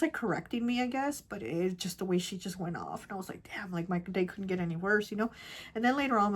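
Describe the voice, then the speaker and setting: A woman tarot reader telling a personal story in casual chat, rambling and repeating herself, often dropping to a soft, hushed voice. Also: mid-range voice. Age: adult with children. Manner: rambling, repeats herself, many "like" and "you know".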